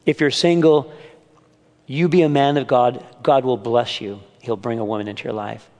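A man's voice: medium pitch, fairly even intonation, moderate pace, darkish tone. An older man preaching to a men's gathering at church, earnest and mixing in humorous family stories. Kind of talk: sermon. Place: church meeting room. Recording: long hall reverb.

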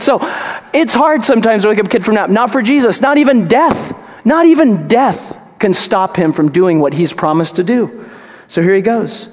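A male pastor preaching a sermon, moving from hushed, tender passages to loud, animated storytelling. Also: high voice, brisk. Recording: long reverb of a large hall.

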